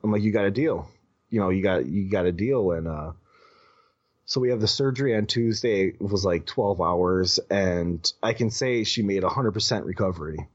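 Low-voiced man telling a story, halting. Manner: halting, many restarts, casual swearing. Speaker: podcast guest. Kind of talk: personal storytelling in conversation. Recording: dull lo-fi audio.

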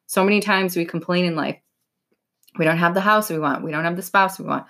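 A woman's voice: on the low side, a little fast, a bit bright. Blunt, swearing young woman podcaster. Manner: blunt, swears freely, lots of "like". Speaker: podcast host. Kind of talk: casual motivational talk.

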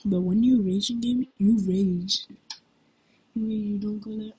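A woman's voice: medium pitch, steady tone, measured pace, pauses often, darkish tone, slightly rough, rough recording. A woman hosting her own podcast at home late at night, rambling in slangy, self-mocking casual chat. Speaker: podcast host.

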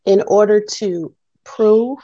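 A woman speaking as a guest teacher in an online Bible class, out of breath and halting, with many pauses and fillers. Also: mid-range voice, dark tone, no room sound, lo-fi sound. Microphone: video call.

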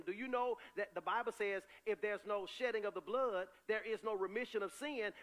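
A pastor delivers an animated sermon in a high, ringing voice. He talks. He moves between loud, rising calls and low, confiding asides.

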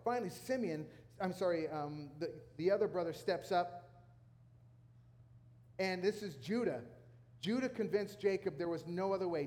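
Guy preaching, high voice, retells the story casual and acts out the lines, long hall echo. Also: moderate pace, pauses often, a little mellow. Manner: retells scripture in casual speech, acting out the characters' lines. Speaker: pastor. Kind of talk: sermon storytelling.

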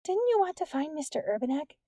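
A woman voicing a fussy, kindly female schoolteacher in a high, fluttery, solicitous tone. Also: sing-song, fairly quick, warm tone, no echo, studio quality. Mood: concerned.

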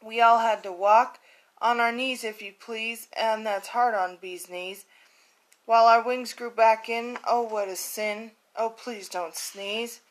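A woman reads aloud as a swarm of worried bees in a children's book. The voice is a little high and unhurried, pleading in rhyme. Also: fairly even intonation, poor audio.

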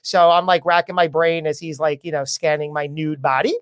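A man's voice: a little high, fairly even intonation, fairly quick, fairly bright tone, smooth, dry recording, clean studio sound. A man in his forties co-hosting a podcast, telling stories in a chatty, self-deprecating way. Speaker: podcast co-host. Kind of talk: casual chat.

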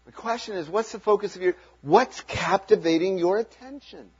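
A man's voice: high voice, moderate pace, darkish tone, slightly rough, highs cut off. A man preaching a sermon as pastor, talking in an earnest, conversational way and chuckling between points.

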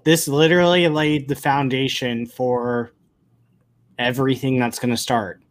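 A man hosting a casual podcast, talking in an unhurried, drawn-out way. He gets excitable and rambles, restarting his sentences as he goes along. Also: mid-range voice. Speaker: podcast host. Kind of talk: casual pop-culture chat.

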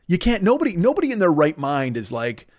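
A man's voice: a little high, wildly swooping pitch, fairly quick. Rambling, foul-mouthed man ranting for laughs. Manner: profane, rambling, puts on silly voices. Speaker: podcast host. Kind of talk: comedic rant.

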